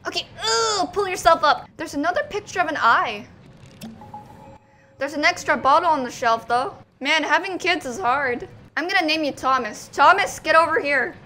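A woman's voice: high voice, animated, normal speed, bright, forceful tone, a little hiss or hum. A young woman commenting on a game she is playing, playful, talking to the characters on screen, with sudden yelps. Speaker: gaming commentator. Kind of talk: let's play commentary.

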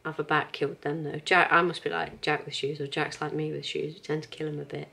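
A woman's voice: low voice, flat delivery, fast talker, creaky, pushed and bright. A woman in her thirties chatting casually at home in a rambling, cheerful vlog, laughing often. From England. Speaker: vlogger.

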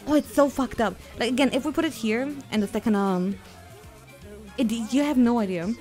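A woman's voice: fairly high pitch, normal speed, faint music behind. Giggly young woman gaming streamer. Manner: excitable, swearing, yelps and shrieks in panic; giggly, jokey rambling. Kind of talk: casual livestream gaming chatter. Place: at home, playing in VR.

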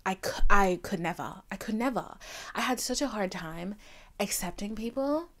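A woman's voice: mid-range voice, normal speed. A woman in her twenties hosting a podcast, talking casually and candidly, swearing often and acting out the people she quotes. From Haitian family. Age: 20s. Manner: chatty, profane, animated quoting. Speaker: podcast host. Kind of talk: casual confessional monologue.

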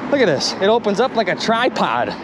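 Excitable young man, lively high voice. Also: a little fast. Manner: excitable, exclaiming, addresses viewers as you guys. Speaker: magnet fishing vlogger. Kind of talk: excited outdoor commentary. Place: outdoors by the water. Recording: noisy outdoor recording.

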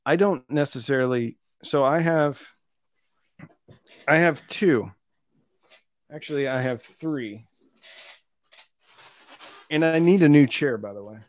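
A man's voice: a little high, takes it slowly, pauses often, no room sound. A man hosting an audio gear live stream, chatting casually in a rambling, easygoing, self-deprecating way. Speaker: audio channel host.

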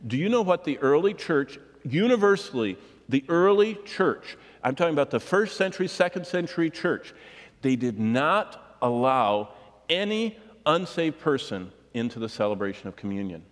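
A man's voice: fairly high pitch, big pitch swings, moderate pace, big-room sound. A man preaching a sermon, reading scripture and pressing his points with rhetorical questions. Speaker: pastor.

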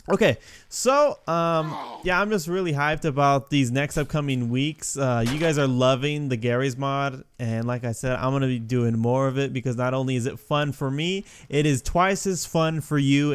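A young man giving casual, rambling gameplay commentary, excitable and breaking into yelps and shrieks when a level goes wrong. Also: mid-range voice, clear, resonant tone. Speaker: gaming YouTuber.

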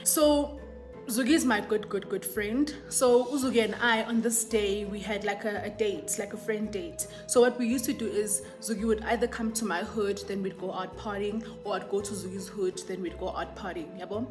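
Brief young South African woman, chatty storyteller who code-switches, mid-pitched, soft music underneath. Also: steady tone, normal speed. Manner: chatty, switches between English and isiZulu, keeps saying "yabo". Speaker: YouTuber. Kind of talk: casual storytime.

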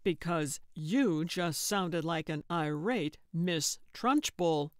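A woman's voice: low voice, slow, no room sound. A woman voicing an exasperated, dry-witted male sidekick in an audiobook, speaking with weary sarcasm. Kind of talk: audiobook character voice.

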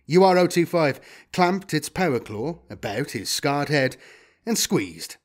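A man narrating a sci-fi action story in a dramatic, expressive style. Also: a little high, unhurried. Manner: expressive, lively delivery. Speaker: audiobook narrator.

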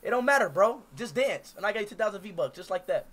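A man livestreaming on the street, loud and playful as he teases the strangers he meets. He speaks, and his voice is bright and jumps up and down a lot. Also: sits high, animated, fast talker. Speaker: streamer. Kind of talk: casual street chat with strangers.

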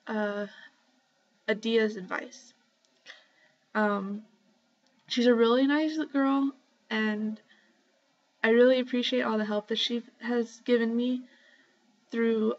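A young woman at home talking casually to her camera in a rambling shoutout vlog, full of ums and likes. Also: on the high side. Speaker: vlogger. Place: home, indoors. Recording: slightly dull lo-fi webcam audio.

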